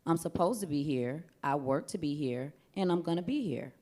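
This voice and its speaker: A woman educator speaks as a guest on a panel talk show. Her voice is low, and her delivery is firm and emphatic. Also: lively intonation, moderate pace, dark tone. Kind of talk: casual panel discussion.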